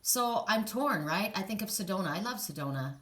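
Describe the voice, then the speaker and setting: A woman's voice: medium pitch, lively intonation, a little fast. Rambling woman giving a card reading. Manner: rambling, with restarts and asides to the listener; emotional, soft and sighing in places. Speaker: psychic card reader. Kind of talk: casual spiritual card reading.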